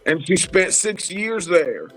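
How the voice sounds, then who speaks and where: A man co-hosting a casual wrestling chat show, talking in an animated, profane, rambling way. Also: sits high, takes it slowly, faint music behind, low-quality recording. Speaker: podcast co-host.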